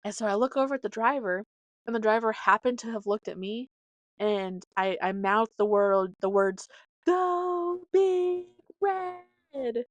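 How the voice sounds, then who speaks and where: A young woman from Nebraska hosting a podcast, telling rambling stories in a chatty, casual way with lots of fillers and animated quoted voices. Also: medium pitch, normal speed, dry recording, highs cut off. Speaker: podcast host. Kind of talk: casual storytelling monologue.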